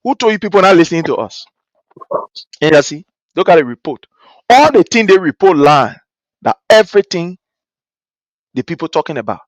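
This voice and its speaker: A man with a Liberian English accent hosting a political commentary show, talking in an animated, repetitive way and mimicking the people he quotes. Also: on the high side, normal speed, long pauses, no room sound.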